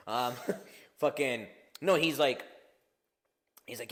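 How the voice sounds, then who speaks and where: A man of middle pitch co-hosts a casual podcast chat. He rambles and swears freely, and he tells his stories with loud, animated bursts and frequent laughter. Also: a little slow. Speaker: podcast co-host.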